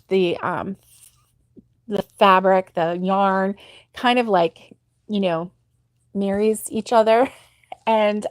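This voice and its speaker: A woman's voice: mid-range voice, no room sound, studio quality. A middle-aged woman hosting a crochet livestream, chatting casually and sympathetically with viewers and laughing often. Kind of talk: casual live chat reading viewer comments.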